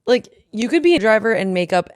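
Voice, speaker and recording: A woman's voice: on the high side, big pitch swings, fast, no echo, studio quality. A woman chatting casually on a podcast, musing aloud.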